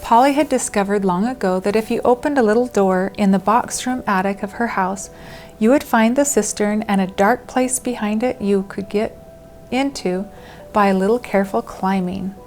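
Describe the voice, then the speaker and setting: A woman reads a classic children's story aloud at a middling pitch, pausing to explain words for young listeners. Soft music plays faintly beneath her voice. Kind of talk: reading a children's book aloud.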